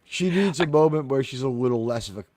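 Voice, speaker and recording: A man's voice: mid-range voice, fast, dry recording, studio quality. A man hosting a casual live chat about a TV episode, recapping scenes and acting out lines in funny voices. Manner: animated, acts out quotes in funny voices. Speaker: host of a TV review discussion.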